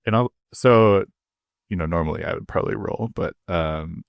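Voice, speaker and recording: A man's voice: low-pitched, moderate pace, creaky, no room sound, highs cut off. A man playing in a tabletop game, laid-back and joking with the group. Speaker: player. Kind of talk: casual tabletop game chat.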